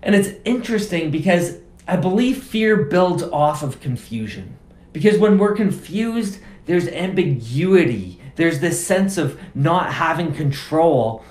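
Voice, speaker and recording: A man's voice: on the high side, animated, measured pace, a little mellow. A man preaching a sermon as pastor, conversational and casual, driving points home through repeated phrases. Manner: conversational, emphatic repetition. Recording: roomy echo.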